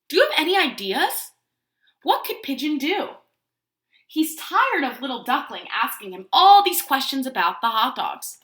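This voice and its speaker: A preschool teacher reads a picture book aloud to young children, stopping often to ask them questions. Her voice is high and bright with lively swings in pitch. The room adds a noticeable echo. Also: normal speed. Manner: animated, asks children questions. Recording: roomy echo.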